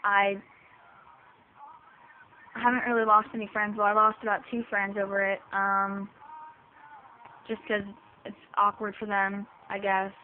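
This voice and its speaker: Teenage girl, vlog talk, halting with ums, phone-like sound, audible hiss. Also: mid-range voice, completely flat delivery. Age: teens. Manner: hesitant, many ums and restarts. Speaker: vlogger. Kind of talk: personal vlog talking to camera.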